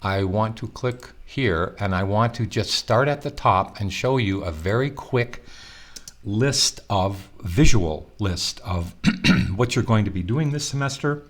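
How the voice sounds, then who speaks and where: A middle-aged male college professor with a slightly rough morning voice, talking students through an online course in a conversational, reassuring way with fillers and restarts. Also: lowish voice, animated, a little slow. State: morning voice, clearing throat. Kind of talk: recorded online course walkthrough.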